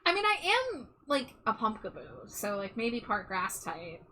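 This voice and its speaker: Bright, giggly woman streamer. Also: mid-range voice, big pitch swings, moderate pace. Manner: giggly, reads chat aloud. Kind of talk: casual live-stream chat.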